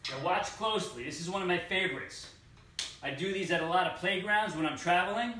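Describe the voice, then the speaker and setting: A man, a fitness coach, demonstrating exercises and cueing each move with slow, deliberate instructions. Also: sits high, pushed and bright, slight background noise. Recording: echoey room, distant mic.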